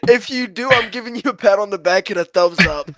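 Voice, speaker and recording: A man's voice: high-pitched, a little fast, bright, forceful tone, soft background music. A man playing in a tabletop game, joking and bantering crudely. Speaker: player.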